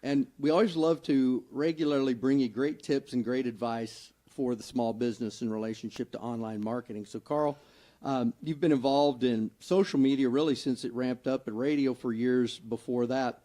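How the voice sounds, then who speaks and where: A man's voice: mid-range voice, normal speed. A man hosting a radio business talk show in a studio, bantering casually and interviewing a guest. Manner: joking, relaxed, loose phrasing. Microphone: studio microphone.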